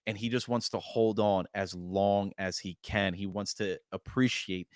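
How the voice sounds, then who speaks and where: Low-voiced man animatedly retelling scenes. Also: fairly even intonation, unhurried, clean tone, no room sound, clean studio sound. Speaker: podcast co-host. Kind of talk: casual film discussion.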